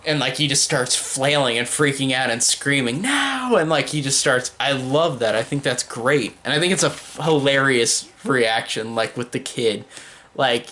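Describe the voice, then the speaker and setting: A man's voice: mid-range voice, a bit bright. Casual male reviewer, loose and unscripted, filler-heavy, eager and gushing. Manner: rambling, heavy use of "like" and "um"; enthusiastic, gushing praise. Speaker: horror movie reviewer.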